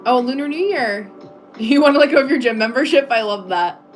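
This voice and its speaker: A woman's voice: a little high, animated, brisk, faint music behind. Woman from America, live-stream host, casual chatter, frequent laughs, reads viewer comments, home desk. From United States. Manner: chatty, many "like" fillers, laughs often. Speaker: livestream host. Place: home office at her desk.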